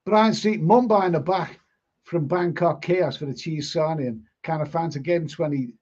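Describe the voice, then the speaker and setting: Dull lo-fi stream audio captures a man reading viewer comments on a casual live stream and telling rambling stories with blunt, mildly sweary asides. His voice is a little high and darkish in tone, at normal speed.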